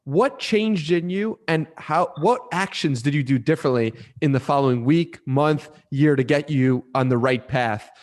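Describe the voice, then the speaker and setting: A man's voice: fairly high pitch, moderate pace, few pauses, darkish tone. A man hosting a podcast, asking his guest questions in an earnest, affirming way. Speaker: podcast host. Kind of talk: interview questions.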